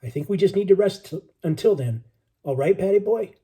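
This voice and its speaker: A man's voice: high voice, animated, a little fast, mellow, husky, pitched above the performer's own voice. A man voicing an exhausted young Marine with a New York accent, talking weakly in folksy slang, close to a whisper. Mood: weak reassuring. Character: worn-out young male Marine sailor, upbeat and folksy.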